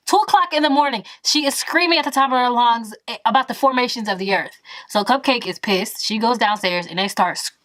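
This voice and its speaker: A woman in her twenties telling a story in a vlog, animated and emphatic, full of exasperation. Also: a little high, dry recording. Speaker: vlogger.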